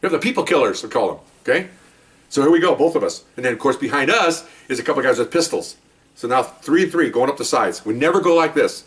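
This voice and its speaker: An older man, a retired police officer, telling a war story from the job in a casual, animated way, now and then barking commands as he acts them out. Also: medium pitch, quick pace, recorded from a distance.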